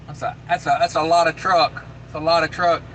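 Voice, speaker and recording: Bright-voiced laid-back trucker man. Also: fairly high pitch, little pitch movement, brisk, slight background noise, poor audio. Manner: laid-back and rambling, with many fillers and repeated phrases. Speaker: trucker livestream host. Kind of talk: casual live chat, reading viewer comments aloud.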